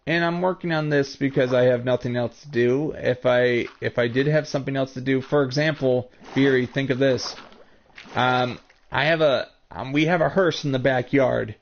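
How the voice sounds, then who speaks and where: A man from the United States with a Northern US accent, chatting casually with his live-stream viewers in a rambling, halting way full of restarts. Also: mid-range voice, fairly even intonation, dull audio, a little hiss or hum.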